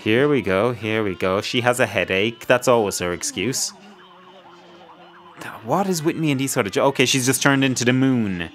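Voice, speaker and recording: A man's voice: fairly low pitch, fairly bright tone. Jokey man narrating his gameplay. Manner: jokey rambling banter, talks to himself. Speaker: let's play host. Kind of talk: gameplay commentary.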